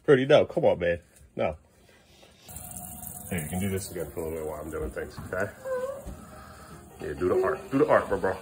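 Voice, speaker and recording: This father's voice sits low with a darkish tone, animated and a little fast, broken by long pauses. He's vlogging in his home kitchen, chatting playfully with his young sons and often drifting into sing-song baby talk.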